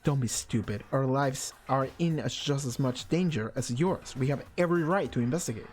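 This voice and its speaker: A woman's voice: very deep voice, moderate pace, darkish tone. A woman voicing a cold, arrogant rich teenage boy in a video game, speaking in a condescending way.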